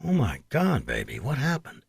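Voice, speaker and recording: A fiercely independent woman fighter pilot, as voiced by a male audiobook narrator, playful and teasing. Her lines come through dry and close, with lively, shifting pitch. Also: moderate pace, vocal fry, breathy edge, no room sound, exaggerated voice.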